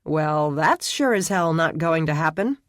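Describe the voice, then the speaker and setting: A man's voice: fairly high pitch, lively intonation, a little slow, no room sound. Guy doing a brash sweary woman warrior, American accent, dry close sound. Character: bold, feisty immortal American woman warrior.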